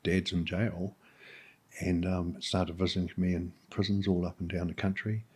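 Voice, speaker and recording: A middle-aged man with a New Zealand accent, a podcast guest telling his own story frankly, in halting speech full of fillers and restarts. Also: deep voice, level tone, a little mellow, husky. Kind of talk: candid personal storytelling.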